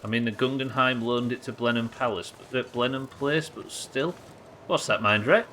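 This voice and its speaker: Bright-voiced Yorkshire streamer, swearing. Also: male voice, medium pitch, moderate pace, a little hiss or hum. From Yorkshire, England. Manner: sweary, joking, chatty with viewers. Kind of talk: casual live-stream gameplay chat.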